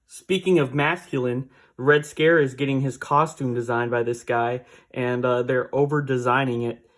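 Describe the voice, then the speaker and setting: A man's voice: medium pitch, fairly even intonation, normal speed, a bit bright. A man casually recapping a comic book issue, rambling with fillers and small laughs.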